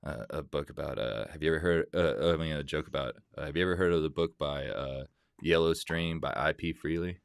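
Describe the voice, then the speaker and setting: A man's voice: a bass voice, a little fast, vocal fry, clear, resonant tone, no room sound, clean studio sound. A man guest on a casual podcast chat, rambling with many restarts.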